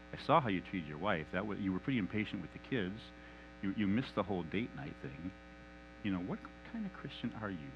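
A man putting on a low hissing Satan. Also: lo-fi sound. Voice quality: low, hushed, sneering. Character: Satan, male accuser spirit, whispering, contemptuous. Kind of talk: whispered role-play.

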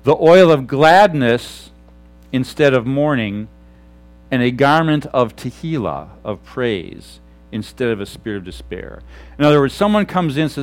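A middle-aged man, a pastor, preaching an animated sermon on a lapel mic. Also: mid-range voice, normal speed. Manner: animated, shouts examples.

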